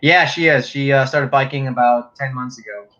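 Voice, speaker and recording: A man chatting casually as a guest on a livestream, relaxed and rambling, often trailing off. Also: mid-range voice, moderate pace, lo-fi sound, slight background noise. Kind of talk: casual chat.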